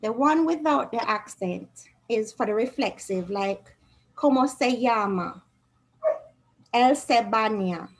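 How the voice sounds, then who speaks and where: Lady teaching spanish online, kinda high voice, patient, keeps quizzing the class. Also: lively intonation, slow pace, poor audio. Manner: patient, quizzes students with questions.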